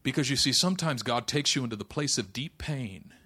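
A man preaching a sermon, impassioned, moving between hushed passages and loud declarations, with folksy humorous asides. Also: medium pitch, animated, brisk. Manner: impassioned, swings from hushed to loud, quotes scripture.

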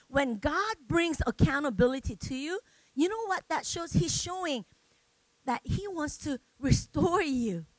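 A woman's voice: very high-pitched, no room sound. A woman preacher giving a conversational sermon, often checking in with the congregation and acting out everyday examples. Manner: conversational preaching, tags "right?", acts out examples.

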